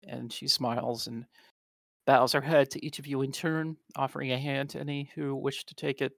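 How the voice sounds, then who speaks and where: A man narrating as game master of a tabletop game, relaxed and full of pauses. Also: medium pitch, creaky, no echo.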